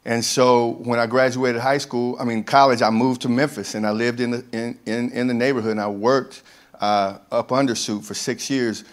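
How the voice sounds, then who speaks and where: A man tells his own testimony to a gathering. He speaks in an earnest, conversational way, with an everyday voice at a middling pitch. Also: flat delivery, normal speed. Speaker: guest giving a testimony. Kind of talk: personal testimony.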